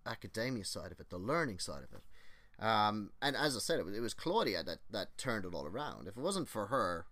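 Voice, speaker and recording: A man with a lowish voice talking as a podcast guest, recorded close and dry with no room sound. He tells long personal stories in a loose, rambling way, swears freely and slips into the voices of people he quotes. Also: big pitch swings, a little fast, fairly bright tone, no echo. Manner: rambling, restarts and goes on tangents. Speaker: podcast guest, exercise physiologist. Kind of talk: casual podcast chat, personal storytelling.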